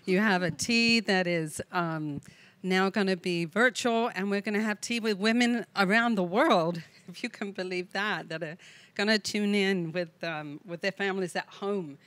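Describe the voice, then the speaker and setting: A woman's voice: medium pitch, moderate pace, a bit bright, dry recording. A woman, a women's ministry speaker giving a chatty, storytelling devotional talk and asking rhetorical questions. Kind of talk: warm devotional talk at a virtual tea. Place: chapel.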